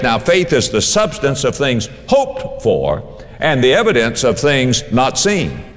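A man's voice: medium pitch, big-room sound. A male pastor preaching a sermon, emphatic, repeating key phrases to drive them home.

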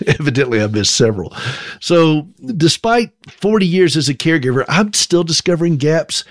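A man's voice: a little high, expressive, normal speed, no room sound, clean studio sound. A middle-aged man from South Carolina with a Southern accent, telling a folksy, self-deprecating story as a monologue.

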